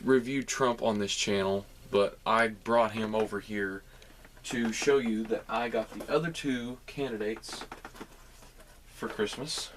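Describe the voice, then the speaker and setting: A man's voice: medium pitch, a bit bright, a little hiss or hum. A young man with a Southern American accent chatting casually to viewers about his holiday toy haul, rambling and friendly. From Southern United States. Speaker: collectibles vlogger.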